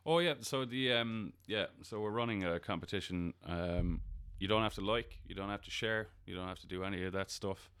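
A low-voiced man with a gravelly, creaky edge talks through a casual podcast chat as a festival promoter. He hesitates often, filling gaps with ums and starting sentences over. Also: steady tone, moderate pace, few pauses, a bit bright. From Ireland. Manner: hesitant, many ums and restarts.

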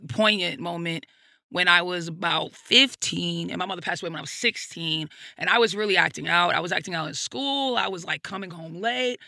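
A woman's voice: on the low side, gravelly, bright, forceful tone, dry recording, clean studio sound. A woman, a guest comedian, speaking frankly and reflectively in an interview, with plenty of "like" and "you know" and casual swearing. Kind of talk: candid personal storytelling in an interview.

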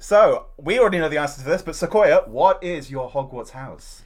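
A woman co-hosting a podcast in animated, teasing casual chat. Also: low voice, brisk. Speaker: podcast co-host.

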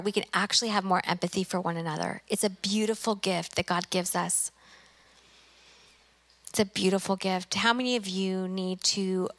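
A woman's voice: medium pitch, fairly bright tone. A middle-aged woman, a university president, preaching an earnest sermon in a church and acting out her own prayers. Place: church sanctuary.

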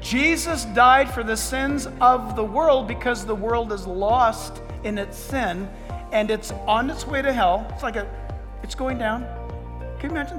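A man preaching a sermon as a pastor, animated and acting out quoted dialogue in different voices. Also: extremely high pitch, big-room sound.

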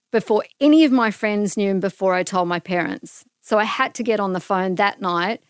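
Guesting on a podcast, a middle-aged woman from Australia shares a personal story casually and animatedly, playing out the dialogue. Her mid-range voice is clear and resonant in a dry, studio-quality recording.

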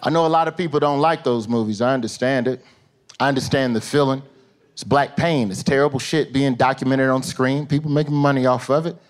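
A man's voice: mid-range voice, brisk. An American man doing stand-up comedy with an African American Vernacular English accent, telling loose, profane stories and putting on voices. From United States. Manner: loose, profane, animated storytelling with put-on voices. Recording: live show with audience noise.

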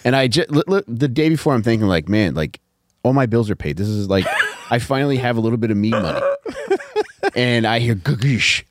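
A middle-aged man rambles through a crude story on a podcast, his pitch swinging widely as he mocks the people in it. His voice sits in a middling register and moves up and down a lot. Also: expressive, a little fast. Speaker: podcast co-host. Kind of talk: casual comedic chat.

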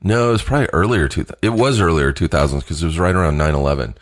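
A man telling a personal story in a casual, halting way, laughing between phrases and sniffly from allergies. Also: very deep voice, lively intonation.

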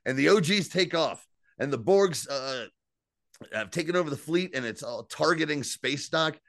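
A man co-hosting a podcast, casually and excitedly recapping scenes, swearing freely and quoting lines. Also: a little high, moderate pace, dry recording, clean studio sound. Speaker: podcast co-host. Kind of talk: casual chat.

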